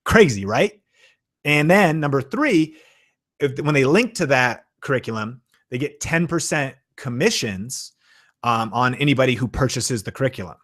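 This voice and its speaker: A man hosting a live-stream Q and A, talking with excitable enthusiasm and plenty of fillers. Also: on the high side, normal speed. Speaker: YouTube channel host.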